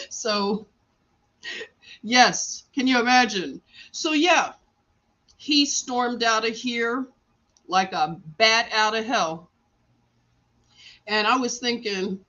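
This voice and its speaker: Slow, chatty woman live-streaming from a hospital. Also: a little high, pushed and bright, highs cut off. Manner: chatty, laughs often, acts out quotes. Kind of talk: casual live-stream storytelling. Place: hospital room.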